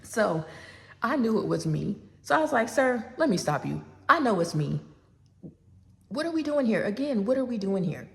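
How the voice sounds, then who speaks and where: A gravelly-voiced woman in her forties tells a personal story in a loose, chatty way and plays out both sides of a phone call. She turns to her listeners often. Her voice rings with a long reverb. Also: fairly high pitch, normal speed. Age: 40s. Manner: animated, acts out both sides of a phone call, talks straight to the audience.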